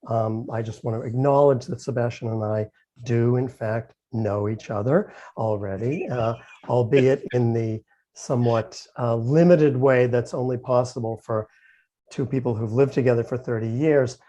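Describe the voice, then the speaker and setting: Brief: male interviewer on a video call, mellow tone, halting with dry wit. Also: mid-range voice, muffled recording. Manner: hesitant, many ums, dry humor. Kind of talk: casual conversation.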